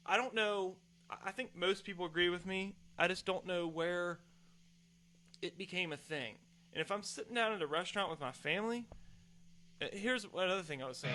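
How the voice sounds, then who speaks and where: A man's voice: high voice, a little fast, pushed and bright, soft background music. A man hosting a podcast, telling a heated, profane, exasperated story in a casual rant. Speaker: podcast host. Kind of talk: casual ranting monologue.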